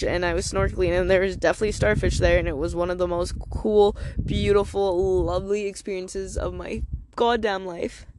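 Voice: mid-range voice, a little hiss or hum. A young adult podcast host from Canada telling a personal story in a casual, rambling way, with lots of "like" and frequent swearing.

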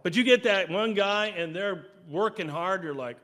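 Animated man preaching a sermon. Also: high-pitched, normal speed. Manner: animated, acts out quoted voices, swings loud and soft. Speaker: pastor. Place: church sanctuary.

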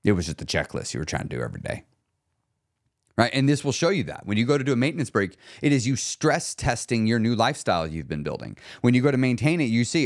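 A man's voice: medium pitch, quick pace, no echo, clean studio sound. A middle-aged man hosting a solo weight loss podcast, talking casually and getting worked up into rants. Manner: excitable, gets worked up and rants.

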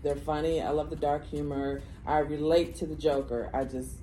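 A woman's voice: low-pitched, fairly even intonation, normal speed, dark tone. A middle-aged woman co-hosting a podcast live in front of an audience, laughing often as she chats. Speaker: podcast co-host. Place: festival event room, live audience. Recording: live room with background noise.

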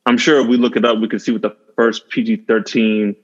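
A man's voice: lowish voice, little pitch movement, brisk. A male podcast host chatting casually about a movie, enthusiastic and often laughing, with plenty of fillers. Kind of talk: casual chat. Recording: dull lo-fi recording.

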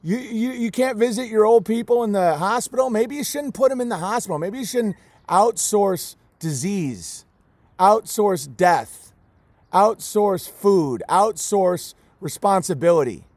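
Guy homesteader ranting at the camera, pretty high voice, worked up and teary, keeps repeating himself, dry close sound. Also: animated, measured pace, a little mellow, no echo. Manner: emotional, emphatic, repeats key words. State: close to tears. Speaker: homesteader raising goats and chickens. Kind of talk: impassioned vlog rant.

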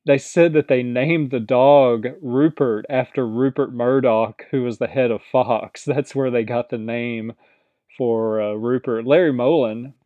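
A man casually recapping a TV episode, rambling and quoting the characters in quick put-on voices. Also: medium pitch, fairly even intonation, no room sound, narrow, tinny audio. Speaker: podcast host recapping a TV episode. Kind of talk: casual chat.

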